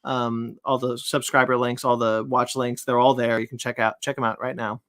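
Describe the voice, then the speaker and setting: A podcast host casually wraps up the show with thanks and plugs, rambling and full of ums and uhs as he reads them out. His voice is mid-range with a fairly bright tone. The recording is dry, with clean studio sound.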